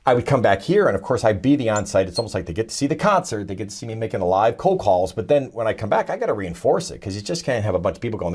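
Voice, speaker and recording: Fast-talking, low-voiced male sales trainer. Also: very animated, darkish tone, breathy edge. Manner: loose, storytelling, enthusiastic. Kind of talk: recorded video message.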